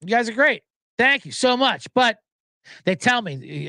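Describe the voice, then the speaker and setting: A man's voice: extremely high pitch, big pitch swings, a little slow, vocal fry, sharp tone, no echo. A man hosting a sports betting podcast, ranting in a casual monologue, swearing and acting out voices as he quotes people.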